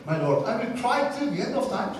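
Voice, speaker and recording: A man's voice: very high voice, big pitch swings, a little fast, noisy background. Sorrowful God read by a male speaker, heavy, repeating, hall echo. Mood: grieving. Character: sorrowful God weeping over His creatures. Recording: echoey hall, mic far off.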